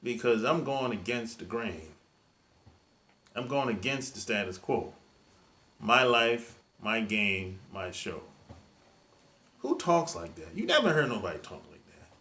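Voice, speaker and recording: Dating-coach host, male, bright and pushy delivery, colloquial grammar, repeats himself for emphasis. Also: medium pitch, very animated, a little slow, pauses often. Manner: emphatic, repetitive, preachy; colloquial, drops verb endings. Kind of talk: monologue dating advice.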